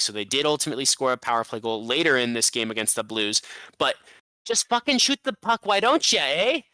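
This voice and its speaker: Animated ranting man, bright crisp voice. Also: no room sound. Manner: animated, swears, rants with rising pitch. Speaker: podcast co-host. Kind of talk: casual sports podcast recap.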